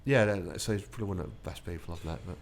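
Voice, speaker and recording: Fast-talking veteran storyteller. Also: male voice, deep voice, creaky. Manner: chatty anecdotal, laughs through stories. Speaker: army veteran guest. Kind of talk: casual storytelling interview.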